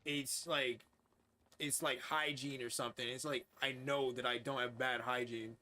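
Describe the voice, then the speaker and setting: A young man rambles through a frank, profanity-laced story while streaming a game. His voice sits at an ordinary pitch but comes across bright and forceful, full of fillers and restarts. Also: little pitch movement, normal speed, a little hiss or hum. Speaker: gaming streamer. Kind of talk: casual chat while livestreaming.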